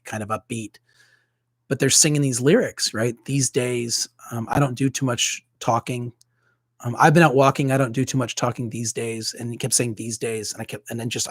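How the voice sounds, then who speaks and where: A man with a husky, slightly breathy voice chats openly and loosely, circling back with fillers and restarts. He sounds like a priest talking to his online congregation, close to the mic in a dry, dead room. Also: medium pitch, no room sound. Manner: candid, rambling, with many fillers and restarts. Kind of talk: casual livestream chat.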